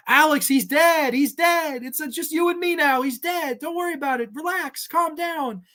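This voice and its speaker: A man voicing an obsessive young woman killer who soothes and pleads with her captive friend in a raised falsetto. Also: moderate pace, sharp tone. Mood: coaxing.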